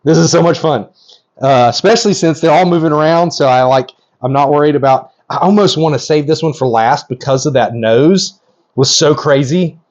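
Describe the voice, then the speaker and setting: Excitable middle-aged man, slightly muffled. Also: a little high, moderate pace. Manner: excitable, gushing, rambling with many ums. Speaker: reptile breeder. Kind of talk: casual hands-on video narration.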